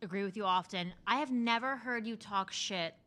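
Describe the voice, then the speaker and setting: Bright teasing woman probing the host. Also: medium pitch, normal speed. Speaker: panel guest. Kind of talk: casual panel chat.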